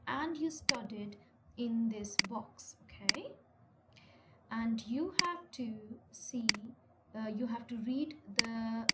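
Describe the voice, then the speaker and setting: A woman with a slightly high voice walks learners through textbook exercises, repeating and rephrasing each instruction and correcting her own slips. Her voice rings in an echoey room, with clear noise underneath. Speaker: English teacher. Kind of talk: classroom lesson walkthrough.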